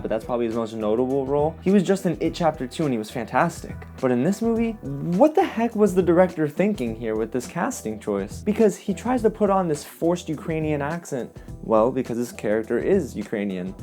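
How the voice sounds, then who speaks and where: A man giving a casual, expressive movie review as host, often exasperated. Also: medium pitch.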